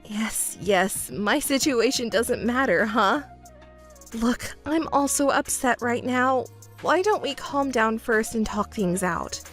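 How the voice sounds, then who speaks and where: A woman's voice: a little high, expressive, slow pace, a bit bright, soft background music. A woman voicing a young overworked fiancée who pleads and argues back defensively. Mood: pleading. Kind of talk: texting story voice acting.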